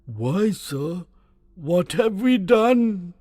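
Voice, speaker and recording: A man's voice: high-pitched, lively intonation, very slow, warm tone, dry recording, clean studio sound, voice pushed up, full character voice. A man doing a nervous, stammering possum waiter. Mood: fawning, nervous. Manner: stammering, eager, bowing and scraping.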